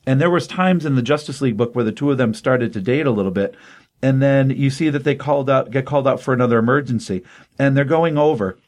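Earnest older man reviewing a comic. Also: medium pitch. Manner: earnest, rambling with fillers, emotionally open. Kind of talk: casual comic book review.

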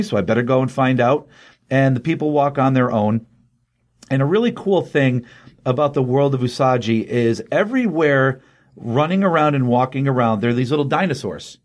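A man with a medium-pitched voice gives a lively, casual recap of a comic book story, doing quick voices for the characters he quotes.

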